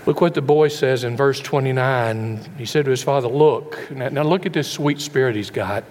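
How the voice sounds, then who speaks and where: Folksy middle-aged preacher. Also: male voice, mid-range voice, normal speed. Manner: folksy, rhetorical questions to the congregation. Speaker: pastor. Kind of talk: sermon.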